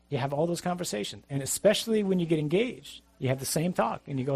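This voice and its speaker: A man's voice: fairly high pitch, lively intonation, quick pace, vocal fry, few pauses, a little mellow, breathy edge, no echo. A middle-aged man, a priest, giving a conversational, emphatic sermon with asides.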